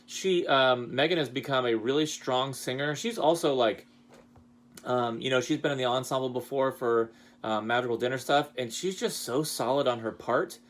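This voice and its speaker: Chatty man telling animated stories. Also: normal speed. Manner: chatty, animated storytelling with lively pitch jumps. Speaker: high school choir director. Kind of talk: casual award speech with anecdotes.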